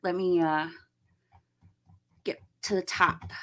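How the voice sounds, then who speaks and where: A woman's voice: medium pitch, animated, moderate pace, bright, forceful tone. A woman hosting a casual live stream, chatting and greeting viewers by name, laughing often.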